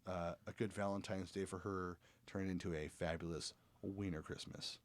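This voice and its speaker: A joking man hosting a podcast from a small studio. his voice sits on the low side, and he chats loosely, teasing and often laughing. the talk is easy and unscripted. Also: steady tone, moderate pace. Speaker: podcast host. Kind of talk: casual comedic chat.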